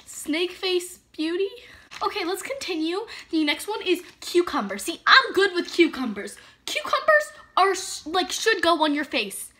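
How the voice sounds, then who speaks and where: High-voiced bubbly woman vlogger. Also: very animated, moderate pace, hardly any pauses, pushed and bright. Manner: bubbly, dramatic reactions, lots of "like". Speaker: beauty vlogger. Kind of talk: casual haul video chat.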